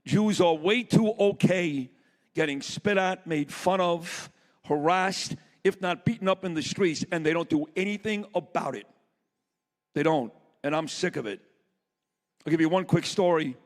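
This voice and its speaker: A man's voice: fairly high pitch, unhurried. A man giving a blunt, impassioned speech to a live summit audience. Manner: blunt, fired-up, plainspoken. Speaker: summit speaker. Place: conference hall with audience. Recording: long reverb of a large hall.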